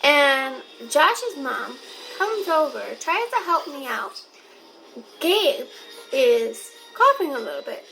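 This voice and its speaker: High-voiced young woman telling her story. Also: slow pace, faint music behind, poor audio. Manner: chatty, talks straight to viewers. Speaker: vlogger. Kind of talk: personal storytelling to camera. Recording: clear steady background noise.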